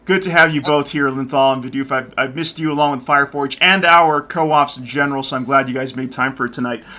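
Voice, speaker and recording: A man hosting a co-op game stream, talking loudly and cheerfully with his players. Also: medium pitch, brisk. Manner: loud and lively, says so himself. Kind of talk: casual live-stream chat.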